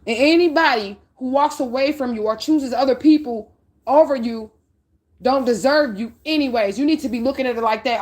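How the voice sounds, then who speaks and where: A woman's voice: high voice, moderate pace, a little mellow. A middle-aged woman giving a spiritual reading, preaching bluntly and profanely with heavy emphasis. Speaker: spiritual reader.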